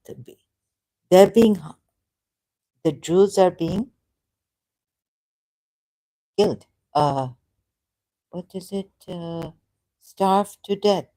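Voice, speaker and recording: A woman's voice: on the low side, warm tone, poor audio. A woman on a live stream giving rambling, impassioned commentary, repeating herself and firing rhetorical questions at her viewers.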